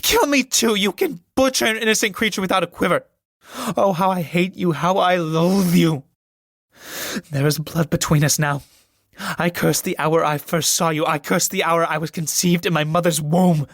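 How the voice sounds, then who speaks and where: A man's voice: fairly high pitch, flat delivery, moderate pace, no room sound, clean studio sound. A man reading the part of a proud, desperate young noblewoman in a solo reading of a stage play, swinging from pleading to furious shrieks.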